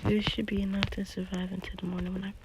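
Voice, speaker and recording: A woman's voice: medium pitch, level tone, fast talker, very noisy. A woman casually talking through her own video game play, often dropping into a whisper. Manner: chatty, keeps drifting into whispers. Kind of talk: casual gameplay commentary.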